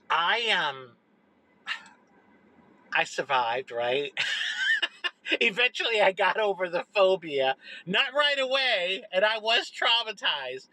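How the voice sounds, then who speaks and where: Bright-voiced woman telling a childhood story. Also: poor audio. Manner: expressive, animated, dropping low for emphasis. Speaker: social media storyteller. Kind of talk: personal storytelling to camera.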